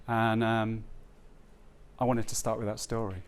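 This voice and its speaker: A man giving a heartfelt, halting talk to a live audience at a book launch, with many pauses and restarts. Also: fairly low pitch, little pitch movement, clear, resonant tone. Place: live event before an audience.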